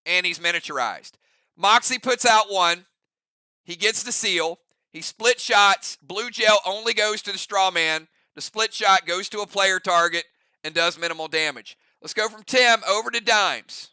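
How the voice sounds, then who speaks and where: Bright, crisp-voiced male game master. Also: high-pitched, measured pace, no echo. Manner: casual, explanatory, joking asides. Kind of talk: narrating a tabletop game round.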